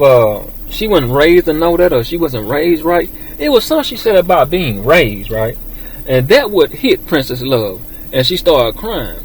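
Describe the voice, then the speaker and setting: A man's voice: fairly high pitch, a little hiss or hum, poor audio. A man giving casual relationship advice straight to his viewers, stressing and repeating his key points.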